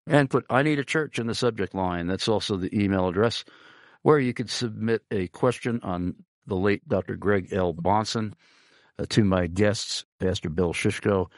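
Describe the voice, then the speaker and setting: A man's voice: fairly low pitch, no echo, studio quality. A man hosting a Christian radio talk show, earnestly pleading with listeners for support and reading out a listener's question. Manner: earnest, pleading, lists many phrases.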